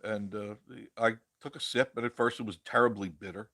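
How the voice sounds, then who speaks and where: Low-voiced man chatting on a live stream. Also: steady tone, fairly quick, bright, forceful tone, no echo, studio quality. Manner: chatty, rambling, laughs often. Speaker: live-stream host reading viewer comments. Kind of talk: casual live-stream chat.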